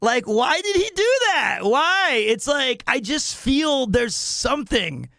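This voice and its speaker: A man's voice: very high voice, big pitch swings, takes it slowly, vocal fry, sharp tone, no echo. A man telling a comedic anecdote, acting out his own reactions with laughter. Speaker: podcast guest storyteller.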